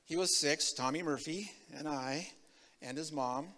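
A man from Tacoma, Washington, giving a sermon with his personal testimony, telling it in an animated way that swings from loud to hushed. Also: a little high, measured pace, big-room sound. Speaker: guest preacher. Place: church sanctuary.

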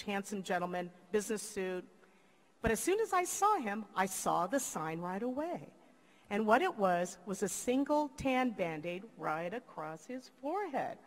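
An older woman from the Philippines giving a commencement speech, telling a lively story and acting out the voices of the people in it. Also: medium pitch. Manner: lively, acts out quoted voices. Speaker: commencement speaker. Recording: long hall reverb.

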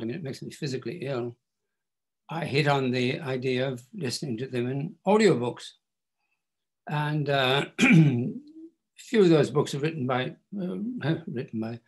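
An older Irish man, appearing as a guest author at a bookstore interview, tells stories wryly and self-deprecatingly. His voice is mid-range and husky.

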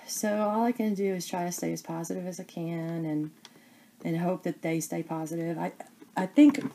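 A woman chatting casually to camera as a crafting vlogger, rambling and halting with many fillers. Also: lowish voice, warm tone, slight background noise.

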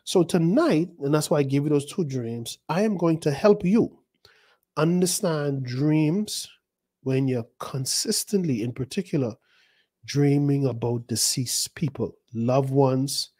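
A man's voice: mid-range voice, unhurried, warm tone, breathy edge. Storytelling pastor in his fifties. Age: 50s. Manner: conversational, circling back with restarts and asides. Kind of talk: sermon teaching through personal dream stories.

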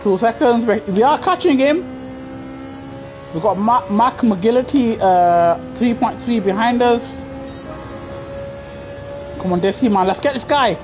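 A woman doing live racing gameplay commentary, excitable and trash-talking other drivers, bursting into shouts. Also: a little high, measured pace, long pauses, over music. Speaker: gaming streamer.

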